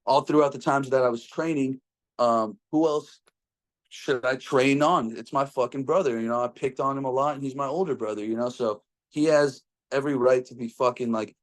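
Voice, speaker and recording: A young man with a mid-pitched voice tells a personal story. His talk rambles, full of fillers and constant swearing. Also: normal speed.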